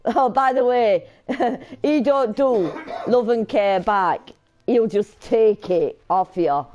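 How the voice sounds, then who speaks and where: A woman's voice: a little high, takes it slowly, darkish tone, muffled recording. A woman chatting casually while streaming a game, giggling often, swearing and teasing. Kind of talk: casual chat while gaming.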